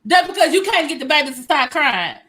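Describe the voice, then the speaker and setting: A woman giving sassy reaction commentary in a high, bright voice. She speaks straight to her viewers and talks animatedly. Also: sing-song, fairly quick, poor audio. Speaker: commentary YouTuber.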